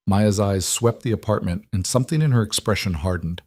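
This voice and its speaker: A male narrator reading a scripted story in a steady, even way. His voice sits fairly low and is recorded close and dry, with no room sound. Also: a little fast, hardly any pauses, no room sound.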